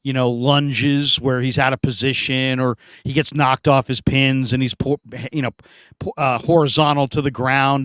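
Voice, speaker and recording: A man's voice: mid-range voice, flat delivery, moderate pace, a bit bright, smooth, dry recording. A man hosting a casual sports talk show, chatting and reading out viewer comments.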